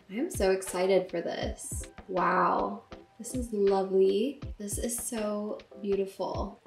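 A young woman chats about her makeup in an easy, excitable way, full of little fillers. Her voice sits at a middling pitch and bounces around an echoey room, with background music playing throughout. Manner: chatty and excitable, filler-heavy. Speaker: beauty vlogger. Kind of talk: casual chat to camera. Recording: roomy echo with music over it.

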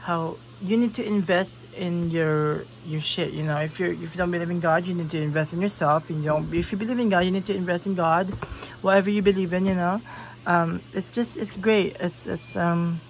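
A woman's voice: fairly low pitch, steady tone, normal speed, a little hiss or hum, rough recording. Giggly young woman rambling in her bedroom. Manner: giggly, rambling, swears often. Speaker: vlogger. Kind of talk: casual rambling room tour. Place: own bedroom.

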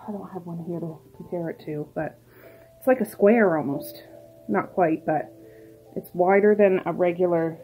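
A woman's voice: lowish voice, moderate pace, narrow, tinny audio, soft background music. A middle-aged woman chatting casually through her day in a vlog, rambling to the camera and talking to her pets and birds. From Nova Scotia, Canada. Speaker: vlogger.

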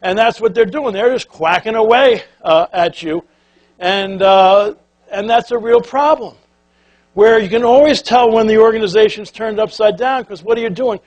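An older man giving a folksy, animated storytelling speech to an audience, acting out voices as he goes. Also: high-pitched, normal speed, muffled recording. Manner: animated, folksy, acts out quotes and quacking sounds. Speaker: keynote speaker.

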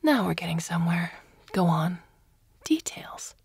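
A woman voicing a cruel female interrogator who speaks in slow, menacing whispers. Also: fairly low pitch, big pitch swings, gravelly, darkish tone, husky, dry recording, studio quality, heavily acted. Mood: cold menacing.

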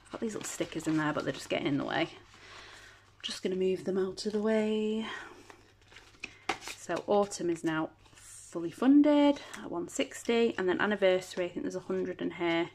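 A woman with a fairly low voice talks casually through her budget at home, counting notes aloud in an easy, steady patter. A faint hiss sits under the recording. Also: moderate pace. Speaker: budgeting vlogger. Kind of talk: casual chat while counting cash.

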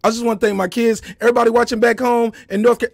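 A man's voice: extremely high pitch, level tone, very fast, vocal fry, no echo, studio quality, voice pushed up, exaggerated voice. A man imitating a humble male boxer giving earnest, rehearsed thanks right after a win.

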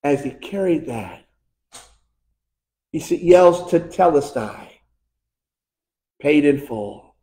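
An American pastor preaching a fervent sermon, swinging between shouted climaxes and hushed, quiet lines. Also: male voice, fairly high pitch, lively intonation, slow pace, pauses often. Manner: impassioned preaching, building to shouts and dropping to hushed tones. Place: church sanctuary. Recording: echoey church room.

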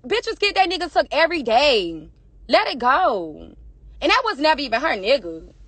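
A woman's voice: high-pitched, sing-song, fairly bright tone, no echo. A young woman in an angry social media rant, defiant and profane, firing insults at her critics. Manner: rapid-fire insults directed at critics. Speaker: rapper addressing fans.

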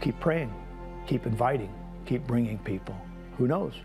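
A man's voice: mid-range voice, lively intonation, moderate pace. A man, a staff pastor, telling a personal testimony story from the stage of a large event, earnest and heartfelt. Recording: music playing underneath. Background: music.

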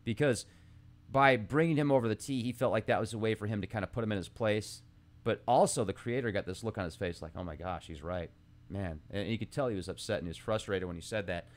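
A man's voice: fairly low pitch, quick pace. Rambling man musing aloud on a podcast. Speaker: podcast host. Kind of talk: casual monologue, reading ancient texts aloud.

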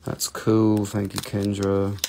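A man's voice: fairly low pitch, completely flat delivery, slow, creaky, mellow, slight background noise. A man with a Southern US accent from North Carolina, hosting a live online crystal sales stream with joking, rambling salesman banter. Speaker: host selling crystals.

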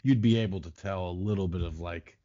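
A man's voice: sits low, brisk, warm tone, highs cut off. A man talking as a podcast guest, riffing in a profane, sarcastic way in casual chat.

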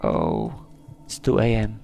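Slow-talking, gravelly man, easily spooked. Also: lowish voice, big pitch swings, mellow, faint music behind. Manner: jumpy, easily spooked, gasps and cries of "oh no". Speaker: gaming channel host. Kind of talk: let's play commentary.

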